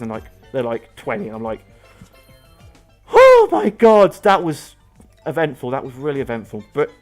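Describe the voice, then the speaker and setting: A young man, chatting in rambling casual let's-play commentary while he plays. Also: medium pitch. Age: young adult. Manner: rambling chatty storytelling, many fillers. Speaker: gaming video host.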